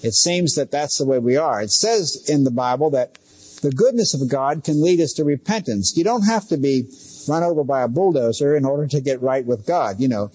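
A man's voice: mid-range voice, expressive, moderate pace, darkish tone, slightly rough. A middle-aged man preaching a sermon as pastor, talking conversationally with asides and direct questions to his listeners.

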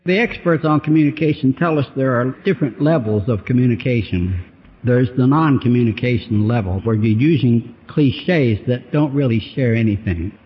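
A man preaching a sermon, emphatic and fond of repeating his phrases for effect. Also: medium pitch. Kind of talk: sermon on marriage communication. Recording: dull sound with long hall reverb.

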